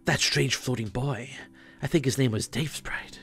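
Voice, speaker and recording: A man's voice: mid-range voice, normal speed, gravelly, slightly rough, soft background music. A man voicing a bewildered, sarcastic teenage student in a game, speaking dryly. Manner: sarcastic, deadpan.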